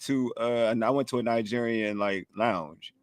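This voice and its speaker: A man co-hosting a sports livestream, upbeat and encouraging, quick to laugh. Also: mid-range voice, crowd noise. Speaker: sports show co-host. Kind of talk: casual livestream chat.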